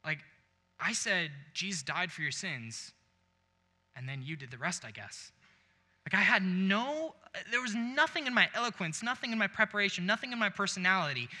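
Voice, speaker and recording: A man's voice: high-pitched, expressive, normal speed, sharp tone. A young man preaching a sermon, telling a story with acted-out quotes and laughing along. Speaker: pastor. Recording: long hall reverb.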